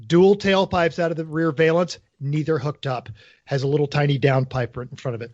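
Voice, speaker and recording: A man co-hosting a casual car podcast, joking and quick with a gag, on slightly muffled audio. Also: fairly high pitch, steady tone, darkish tone, dry recording. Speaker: podcast co-host.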